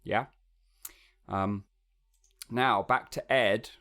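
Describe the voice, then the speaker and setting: A man with a lowish voice talks through a singing lesson in a loose, conversational way. He explains as he thinks, circling back with ums and restarts, more like chatting to a student than lecturing. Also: drawn-out words. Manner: relaxed, explanatory, thinks aloud with fillers. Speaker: singing coach.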